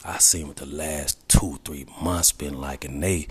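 A man's voice: extremely low pitch, steady tone, unhurried, hardly any pauses, fairly bright tone, husky. A man talking reflectively in a personal video diary, emotional and holding back tears, often dropping to a whisper and leaning on the word "man". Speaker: vlogger.

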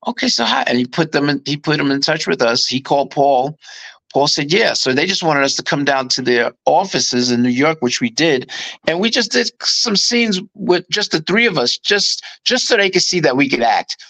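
Male interview guest, lively storyteller who slips into voices, slightly high pitch. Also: normal speed, poor audio. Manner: animated, acts out quotes in voices. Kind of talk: casual anecdote storytelling.

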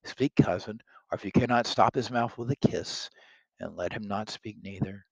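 A man reading a witty sharp-tongued noblewoman. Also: on the low side, normal speed, vocal fry, no room sound, low-quality recording. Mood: teasing.

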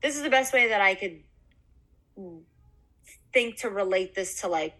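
Woman cohost on zoom, bright sharp voice, lots of like and um, keeps asking right?. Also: medium pitch, expressive, measured pace. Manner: thinks aloud, filler words, checks in with "right?". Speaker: podcast co-host. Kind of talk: casual chat, film review. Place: home, on a video call. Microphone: video call.

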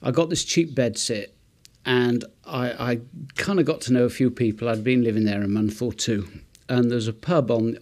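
A man co-hosting a podcast, talking casually and mocking himself as he tells a story. His voice sits at an ordinary middle pitch for a man. He gets livelier as the tale builds. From Wales. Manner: self-mocking, animated when telling a story. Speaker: podcast co-host.

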